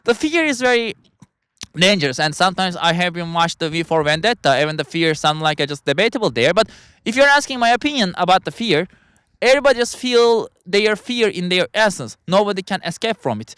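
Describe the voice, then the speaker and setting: A high, bright-voiced man talks through a philosophical monologue in halting, second-language English. He keeps starting over and reaching for words, and his tone stays smooth and clear. The sound is close and dry, with no room around it. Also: animated, no room sound. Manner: halting, rambling, frequent restarts. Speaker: podcast host.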